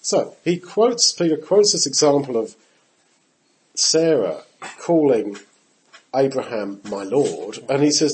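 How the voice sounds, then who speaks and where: A preacher with a medium-pitched, slow voice teaches the Bible in a conversational sermon, captured in a rough recording with some hiss or hum. Animated, he speaks directly to his listeners and acts out the quotes he reads, shifting his voice.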